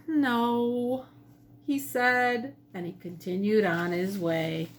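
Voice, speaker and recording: A woman, a teacher, reading her own picture book to children from her home kitchen with gentle, expressive storytelling. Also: fairly low pitch, slow pace, slight background noise.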